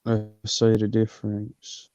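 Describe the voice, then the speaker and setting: A man's voice: lowish voice, completely flat delivery, takes it slowly, warm tone, no room sound. A man, chatting casually on a stream, rambling and reading comments and look-ups aloud. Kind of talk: casual chat. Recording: dull, lo-fi dry sound.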